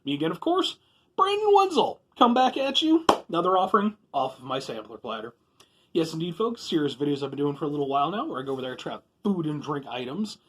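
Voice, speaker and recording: A man hosting a casual food review vlog from a room at home, rambling and self-deprecating, with sudden loud bursts of enthusiasm. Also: on the high side, lively intonation, fast talker, a little hiss or hum.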